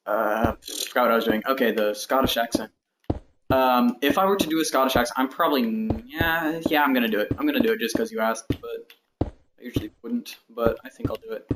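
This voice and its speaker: A man's voice: mid-range voice, brisk. Give me a young man in his twenties chatting and thinking aloud on a game stream, with a noisy recording. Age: 20s. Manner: rambling, thinks aloud, counts blocks under his breath. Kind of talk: casual stream chat while building in a game. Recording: noticeable background noise and clicks.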